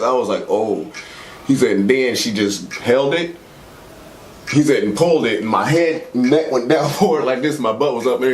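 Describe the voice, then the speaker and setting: A man doing stand-up, telling a crude story in a loose, animated way and voicing his friends' lines. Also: medium pitch, normal speed, reverberant, slight background noise. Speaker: stand-up comedian.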